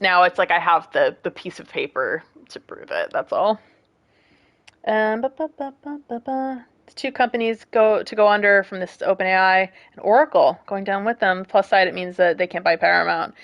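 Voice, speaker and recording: A woman's voice: mid-range voice, animated, a little fast, few pauses, highs cut off. A woman in her late thirties chatting casually with her stream audience, rambling from one story to the next, laughing often and going off on rants. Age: late 30s.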